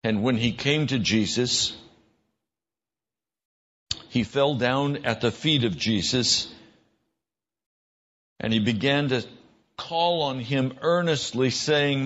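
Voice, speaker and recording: A man preaching a sermon in an earnest voice, his pitch rising when he stresses a point or acts out a quick exchange. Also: fairly bright tone, lo-fi sound. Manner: earnest, rises in pitch for emphasis and mimicked dialogue.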